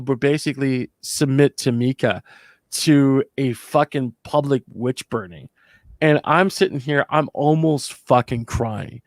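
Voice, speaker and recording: Gravelly and darkish in the mid-range, his voice comes through a dry recording. The Canadian ex-convention staffer, co-hosting a podcast, tells a long, emotional, rambling story full of profanity and acted quotes, keeping the chat casual.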